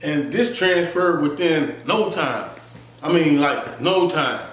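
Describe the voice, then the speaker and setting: A man tells his story in an animated, casual way and keeps checking in with the listener. His voice sits high. He is recorded off-mic in an echoey room. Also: slow, recorded from a distance. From Florida, US. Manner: animated, acts out voices, frequent "you feel me". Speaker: interview guest.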